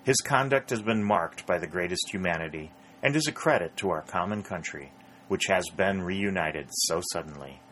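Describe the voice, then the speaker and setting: A man's voice: low-pitched, moderate pace, a bit bright, a little hiss or hum. A man reading the lines of a courtly older Southern colonel in a storybook, speaking with formal, gracious phrasing. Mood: genial.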